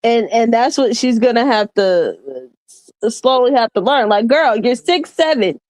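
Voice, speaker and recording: A woman's voice: on the high side, lively intonation, measured pace, darkish tone, dry recording. A woman co-hosting a basketball podcast, thinking aloud with many restarts and giving coaching-style advice. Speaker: sports podcast co-host. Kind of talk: casual basketball chat.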